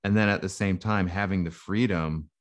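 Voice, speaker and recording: A man's voice: low-pitched, steady tone, normal speed. A man co-hosting a podcast, talking in a thoughtful, rambling way with frequent restarts. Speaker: podcast co-host. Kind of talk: casual chat.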